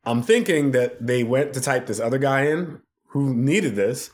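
A man, a podcast guest, telling funny stories from his work in a casual, animated way, often laughing. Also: mid-range voice, measured pace. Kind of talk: casual storytelling.

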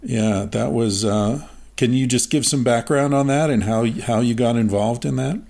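A man hosting an interview, asking thoughtful, measured questions in a casual conversation. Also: mid-range voice, creaky, a little mellow. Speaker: podcast host, interviewer.

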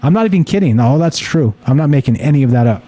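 A man's voice: on the high side, expressive, fast talker, mellow. A man telling a story in casual talk-show chat, rambling and profane, full of restarts and fillers. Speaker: podcast co-host.

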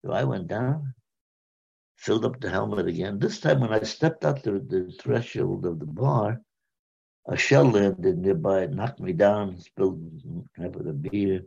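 A man in his nineties from the United States, a war veteran recounting his memories in a halting, rambling way, restarting and repeating words. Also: lowish voice, creaky, a little mellow, breathy edge. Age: 90s. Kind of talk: spoken personal storytelling. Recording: dull lo-fi sound.

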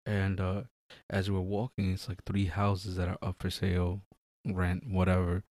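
Male co-host, lowish pitch, dry close sound, animated and profane, acts out scenes. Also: moderate pace, no echo. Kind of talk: casual podcast chat.

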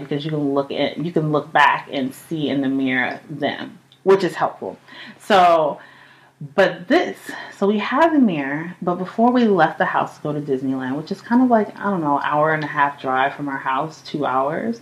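A woman's voice: low-pitched, rough recording. A young adult woman hosting a podcast, telling a story in a casual, chatty way, full of "like" and loose swearing. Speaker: podcast host.

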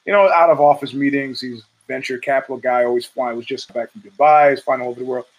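Talking fast in a steady tone, a man hosts his own show through a rambling, casual monologue. He swears, restarts, goes off on asides, and performs quotes in a higher voice, all on poor-quality audio.

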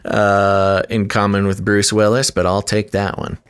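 A man's voice: on the low side, monotone, measured pace, clear, resonant tone. An American man co-hosting a podcast, telling stories in a laid-back, easygoing way. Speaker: podcast co-host. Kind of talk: casual podcast chat.

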